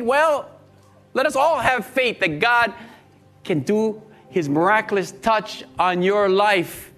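Man, pastor, very high voice, earnest pleading prayer, repeats phrases, faint background music. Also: slow pace, fairly bright tone. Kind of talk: sermon and altar-call prayer.

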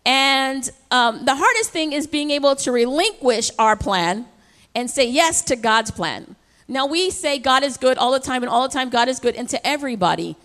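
A woman pastor preaches with a high, lively voice. She talks straight to her congregation and stays emphatic throughout. Her words carry a long hall reverb from a large church. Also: normal speed. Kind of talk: sermon.

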